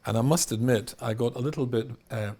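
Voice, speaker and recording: A man's voice: mid-range voice, brisk, mellow. A middle-aged man, a rabbi, giving a humorous storytelling talk in a wry, self-mocking way, often laughing at his own jokes.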